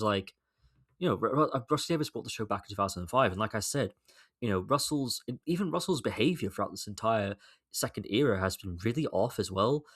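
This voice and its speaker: With a low-pitched, fairly bright voice, a young man hosts his own podcast alone. He swears freely and stays exasperated, rambling through casual commentary and circling back over what he's just said.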